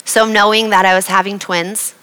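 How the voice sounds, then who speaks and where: A young woman from Iowa giving an earnest, emotional personal faith testimony at a slow, heartfelt pace. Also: medium pitch, little pitch movement, sharp tone, smooth, big-room sound, rough recording. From Iowa, USA.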